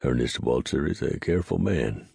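A man voicing a cool, unhurried Texan gunman with a mocking drawl in an audiobook reading. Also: extremely low pitch, animated, creaky, a little mellow, husky, no echo, full character voice. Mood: calm. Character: cold, calm Texan gunman, smug and unhurried.

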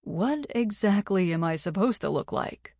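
A woman's voice: medium pitch, animated, a little slow, a little mellow, dry recording, clean studio sound. A woman narrator voicing a reserved male undercover agent who speaks tersely and dryly.

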